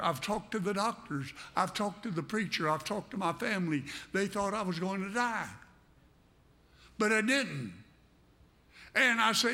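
A man's voice: high-pitched, animated, normal speed, pushed and bright. A man preaching a sermon to a congregation, fervent and direct, repeating phrases for emphasis.

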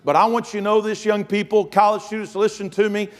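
A middle-aged pastor delivers a fervent sermon. His voice sits a little high for a man, and he keeps his listeners close with repeated calls to listen. He weaves a long anecdote into the preaching. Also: level tone, quick pace. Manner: fervent preaching, storytelling, frequent "amen" and "listen".

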